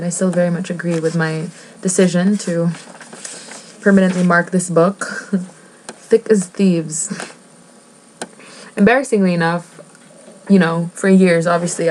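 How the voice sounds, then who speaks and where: A woman's voice: fairly low pitch, steady tone, normal speed, pauses often, a little mellow, a little hiss or hum, low-quality recording. A woman vlogger chatting casually as she reads a book aloud, rambling, giggling and cutting herself off. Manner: rambling, giggly, self-interrupting. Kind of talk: casual chat while reading a book aloud.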